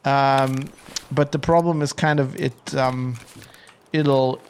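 A man co-hosting a podcast, chatting casually outdoors, rambling and halting with many fillers and restarts. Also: medium pitch, fairly even intonation, a little hiss or hum. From Germany. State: out of breath. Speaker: podcast co-host. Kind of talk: casual chat. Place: outdoors at an industrial park.

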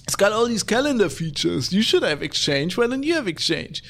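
A man's voice: sits high, sing-song, brisk, vocal fry, a bit bright, pitched above the performer's own voice, exaggerated voice. A man voicing a boastful company boss who shows off his email features. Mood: smug. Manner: smug, showing off.

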